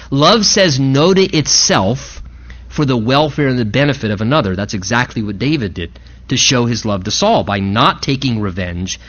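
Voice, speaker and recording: Animated male preacher, lo-fi sound. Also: mid-range voice. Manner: expository Bible teaching, dramatizing quoted lines. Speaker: pastor. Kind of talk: sermon. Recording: dull lo-fi recording.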